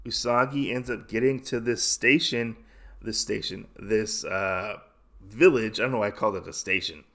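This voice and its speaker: Gravelly man casually recapping a comic. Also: on the low side, moderate pace. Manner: rambling, animated retelling. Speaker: podcast host.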